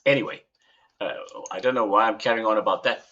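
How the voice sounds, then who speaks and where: A man's voice: lowish voice, a little fast, pushed and bright, lo-fi sound. A man from Africa, hosting a casual livestream from home, rambling and chuckling with theatrical flourishes. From southern Africa. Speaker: livestream host.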